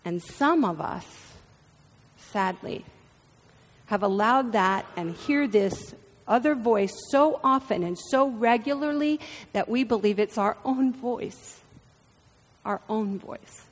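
Expressive woman preaching in a hall. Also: a little high, takes it slowly. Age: 50s. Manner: expressive, storytelling. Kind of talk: sermon. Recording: reverberant hall.

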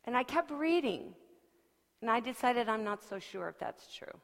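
A woman's voice: on the high side, normal speed, gravelly. Woman preacher telling a story in a hall. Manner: expressive storyteller, shifting from soft to lively. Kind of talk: sermon, storytelling. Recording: long hall reverb.

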